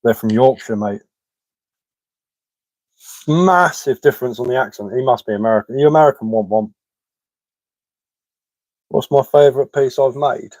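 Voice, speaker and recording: A woodcarver from England hosts a live stream, chatting casually and answering viewers' comments in a West Sussex accent mixed with London. His medium-pitched voice has a darkish tone and moves at a moderate pace with long pauses, and he's chatty and matter-of-fact, often repeating words and saying um. The audio is poor, though there's no echo.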